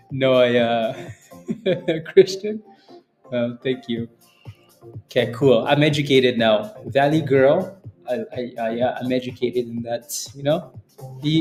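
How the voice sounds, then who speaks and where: A man's voice: medium pitch, a little mellow. A man hosting a live stock trading stream in casual commentary, rambling, repeating words and tagging lines with "right?". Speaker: stock trading livestream host.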